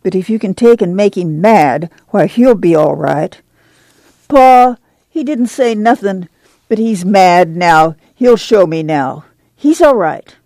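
A woman's voice: medium pitch, lively intonation, slow pace, mellow, dry recording. Woman reading a tough migrant mother, blunt and firm, dry close sound. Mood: tender. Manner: firm, blunt, plain-spoken rural drawl. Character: tough, determined mother of a poor migrant family. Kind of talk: audiobook reading of a novel.

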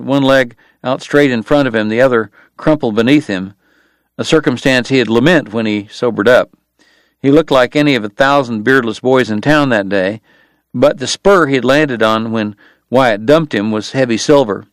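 In a dry recording, a male audiobook narrator with a mid-range voice reads scripted narration from a western novel. His delivery is even and measured, like a careful storyteller.

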